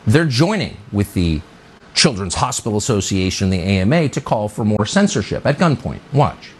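A man's voice: on the low side, big pitch swings, normal speed, slightly rough. Indignant male commentary host. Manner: sarcastic, indignant, emphatic delivery. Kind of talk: opinion monologue.

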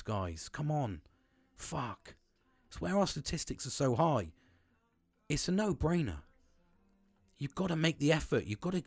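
A man's voice: a little high, darkish tone, no echo. A man from England, hosting a casual solo podcast, talking bluntly and swearing freely as he rambles with restarts. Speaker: podcast host. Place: small wooden shed. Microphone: close podcast mic.

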